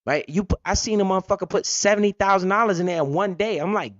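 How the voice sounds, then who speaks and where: Profane, fast-joking crypto host, muffled recording. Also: male voice, sits high, no room sound. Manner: profane, blunt, joking rant. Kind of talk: unscripted market commentary. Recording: dull lo-fi dry audio.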